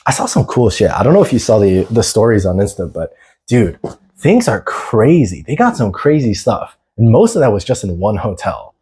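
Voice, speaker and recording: A man's voice: lowish voice, very animated, moderate pace, dark tone, husky. A man chatting casually on a phone livestream, laid-back and slangy, answering viewers' chat. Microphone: phone camera.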